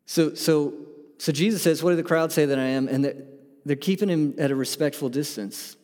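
A pastor preaching a sermon, swinging from loud, emphatic lines to soft, hushed ones. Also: male voice, a little high, brisk, in a large hall.

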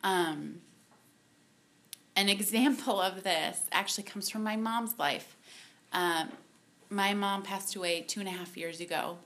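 At a women's ministry talk, a woman with a medium-pitched voice shares her personal faith testimony with the group. She speaks haltingly and with soft emotion, pausing often and using many fillers.

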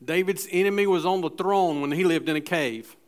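A man's voice: high voice, fairly quick. A middle-aged man preaching a sermon in church, speaking in a conversational way with restarts and acted-out asides. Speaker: pastor.

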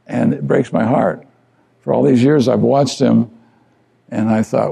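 An older man, a pastor delivering an earnest, conversational sermon with a gravelly voice and repeated phrases. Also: medium pitch, steady tone, measured pace, long pauses, mellow.

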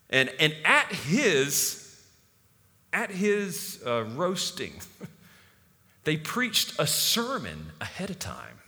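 A pastor preaches to his congregation in a loose, conversational style, full of "like" and restarts. His voice is bright and swings widely in pitch. The sound carries a long hall reverb. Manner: casual, conversational preaching with many fillers. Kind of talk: sermon. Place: church hall.

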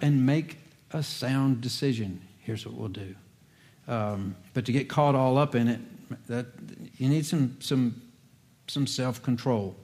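A man's voice: medium pitch, darkish tone. A man, a pastor, giving a conversational sermon with folksy asides and light humor.

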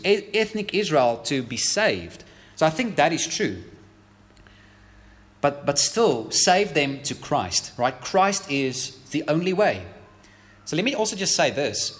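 A man preaching a sermon as a pastor, emphatic, asking the congregation rhetorical questions. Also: mid-range voice.

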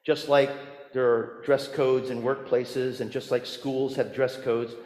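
Male pastor delivering a sermon, storyteller who drops quiet then hits hard; roomy church reverb. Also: medium pitch. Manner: storytelling preacher, swings from hushed asides to emphatic lines.

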